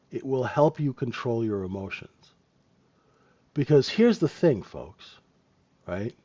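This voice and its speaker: A man's voice: medium pitch, mellow, lo-fi sound. Man hosting a live trading room. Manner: conversational, repeated tag questions, chuckling asides.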